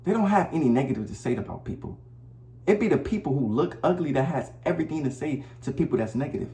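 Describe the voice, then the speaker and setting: A man's voice: a little high, expressive, fast, dark tone. Blunt slangy man in an echoey room. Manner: blunt, preachy, slangy, repeats himself. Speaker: vlogger. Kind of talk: casual advice monologue to camera. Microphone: camera mic.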